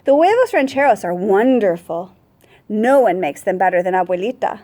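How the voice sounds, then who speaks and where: A woman who teaches first grade, reading a picture book aloud to children with expressive storytelling and Spanish words spoken with ease. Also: mid-range voice, normal speed.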